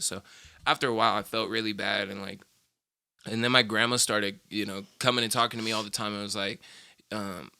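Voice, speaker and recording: A young man with a low-pitched but very bright, forceful voice tells stories from his past in loose, rambling chat. He swears often and laughs between his stories. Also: creaky. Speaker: vlogger. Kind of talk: casual storytelling chat.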